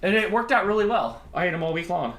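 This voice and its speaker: A man's voice: high voice, lively intonation, fast talker, fairly bright tone. A man co-hosting a home cooking show, joking around in casual chat. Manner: playful, joking. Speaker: co-host. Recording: echoey room, faint noise.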